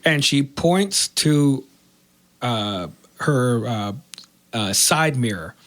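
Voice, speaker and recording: A man's voice: mid-range voice, very slow. A man telling a story in casual chat, swearing freely and acting out the other people's lines. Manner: animated, swearing, acts out quoted voices. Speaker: podcast host.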